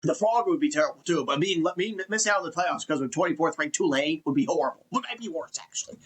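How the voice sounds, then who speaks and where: A man hosts a casual sports talk show with a fairly high, husky voice. He rants in an exasperated, swearing, conversational way. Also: quick pace, fairly bright tone. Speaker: podcast host.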